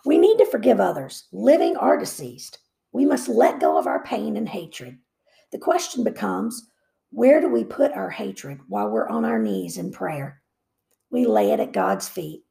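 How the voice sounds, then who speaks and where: A woman reads a Christian devotional book aloud and stops for brief comments of her own. Her voice is gravelly and mellow, with a lively rise and fall. She repeats key phrases for emphasis. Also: mid-range voice, moderate pace.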